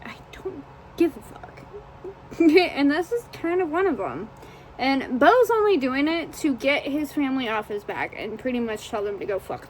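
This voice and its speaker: Woman, casual book chat, profane, rambling, bouncy pitch, faint hiss behind. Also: rough recording. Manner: rambling and profane, lots of fillers. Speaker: book reviewer.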